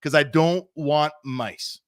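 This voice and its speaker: A man's voice: on the high side, takes it slowly, no echo, studio quality. Joking man in casual podcast banter. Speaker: podcast co-host.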